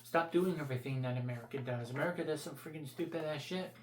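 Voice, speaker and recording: A man's voice: a little high, fast talker, echoey room. A man vlogging his opinions in a blunt, profane, rambling rant.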